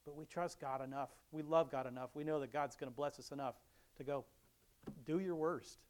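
A man's voice: mid-range voice, steady tone, fast, a little mellow, a little hiss or hum. A middle-aged man giving a casual devotional talk, rambling, chuckling often and restarting his sentences. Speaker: Christian speaker.

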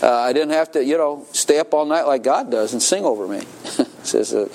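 A pastor preaches in church with an animated, mid-range male voice at a moderate pace, laughing often and calling on the congregation to respond. A little hiss or hum sits in the recording.

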